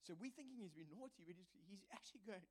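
A man's voice: high voice, lively intonation, fast talker. A man preaching a sermon, earnest and confessional, telling a personal story with self-mocking humour. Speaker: visiting preacher.

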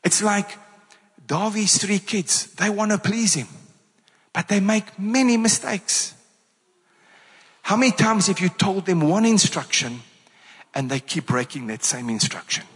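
A man with a South African accent delivers an energetic sermon, firing rhetorical questions at his congregation. His voice sits high and bright, and he speaks at an unhurried pace. A long church-hall reverb trails after each phrase. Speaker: pastor.

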